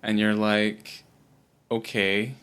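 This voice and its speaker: A man's voice: lowish voice, level tone, slow, a bit bright, clean tone. A man in his late thirties co-hosting a podcast, blunt and emphatic in casual talk about films, swearing freely. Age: late 30s. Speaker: podcast co-host. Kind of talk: casual film discussion.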